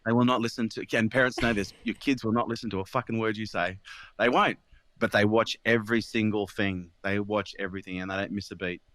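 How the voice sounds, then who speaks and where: A man's voice: fairly low pitch, fairly even intonation, a little fast, fairly bright tone, no echo. A man talking earnestly and emphatically as a podcast guest. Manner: earnest, emphatic, occasionally swears. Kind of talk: casual podcast conversation.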